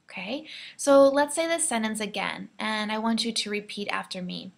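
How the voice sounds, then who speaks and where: An American woman teaching English pronunciation, slowly modelling words and phrases for learners to repeat. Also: medium pitch, creaky. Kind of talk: pronunciation lesson.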